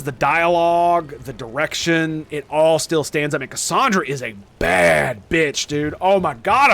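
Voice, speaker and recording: Excitable, foul-mouthed gamer man. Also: a little high. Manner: excited, profane and rambling. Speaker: gaming streamer. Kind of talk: casual gameplay commentary.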